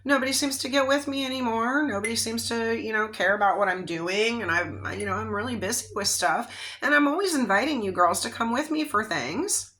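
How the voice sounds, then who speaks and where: A woman's voice: on the high side, fairly quick, pushed and bright, voice pushed up. A woman voicing an earnest young woman who speaks to her friends in a plaintive, pleading way, inside a spoken tarot reading.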